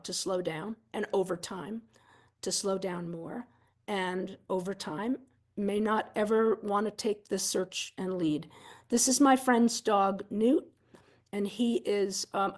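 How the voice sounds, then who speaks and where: A woman's voice: medium pitch, darkish tone. A woman instructor giving a conversational seminar talk, walking through video clips in an explanatory, candid, self-deprecating way with casual fillers.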